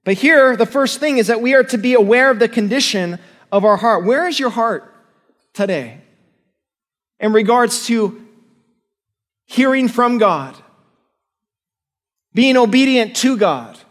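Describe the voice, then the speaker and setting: A man's voice: very high-pitched, lively intonation, a little slow, long pauses, a bit bright. A male pastor preaching a sermon in an earnest, emphatic way, often asking his listeners questions. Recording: long hall reverb.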